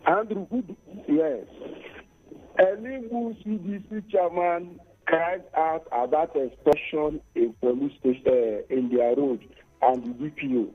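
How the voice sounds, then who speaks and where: Indignant Nigerian caller on a phone line. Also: male voice, fairly high pitch, a little slow, husky, faint music behind. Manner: indignant, asks repeated rhetorical questions. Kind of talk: phone-in complaint. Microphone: telephone.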